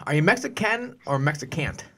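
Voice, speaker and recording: A man's voice: on the high side, big pitch swings, brisk, bright, forceful tone. A man hosting a podcast, interviewing a guest in a playful, joking way. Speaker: podcast host.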